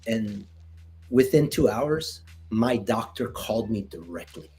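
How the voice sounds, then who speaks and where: A middle-aged man, a retired Marine veteran, telling a story in casual conversation, animated and acting out dialogue with many restarts. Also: lowish voice, measured pace, soft background music.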